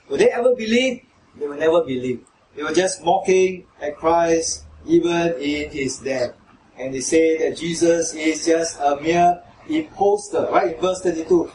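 A man's voice: sits high, normal speed, a little mellow, slight background noise. A man preaching a sermon who asks his listeners questions and raises his voice when he quotes mockers. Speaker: pastor. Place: church hall. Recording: echoey hall, mic from far off.

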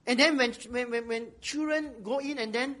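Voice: sits high, steady tone, moderate pace, a bit bright. A preacher giving a sermon, posing rhetorical questions and repeating phrases for emphasis.

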